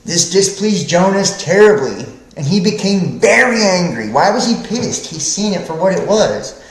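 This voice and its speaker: A man's voice: high voice, sing-song, normal speed, roomy sound, low-quality recording. A man hosting a podcast, preaching in a rambling, profane monologue that keeps checking in with "right?". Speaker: podcast host.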